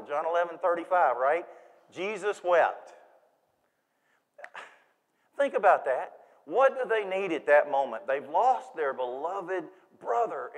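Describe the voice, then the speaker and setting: A man preaching a sermon in a church, folksy and animated, acting out quoted voices. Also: on the high side. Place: church sanctuary. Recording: long reverb of a church hall.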